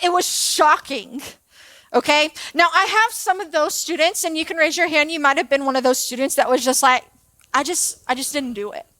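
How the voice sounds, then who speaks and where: High-voiced chatty woman preaching. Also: dry recording. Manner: chatty, animated, checks in with the audience often. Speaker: preacher and former teacher. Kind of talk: storytelling sermon. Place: church auditorium.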